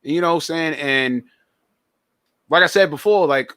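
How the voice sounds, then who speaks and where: A man's voice: fairly high pitch, normal speed, sharp tone, smooth, dry recording. A young man chatting casually on a podcast, stumbling and repeating words as he thinks aloud. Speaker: podcast host.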